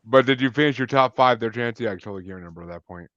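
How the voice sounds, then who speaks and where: A man's voice: mid-range voice, rapid-fire, a bit bright, no echo, muffled recording. A man co-hosting a podcast, trading teasing wisecracks in casual chat. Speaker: podcast co-host.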